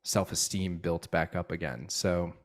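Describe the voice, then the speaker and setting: A man co-hosting a podcast, chatting in a relaxed, casual way and swearing freely. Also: deep voice, unhurried. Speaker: podcast co-host.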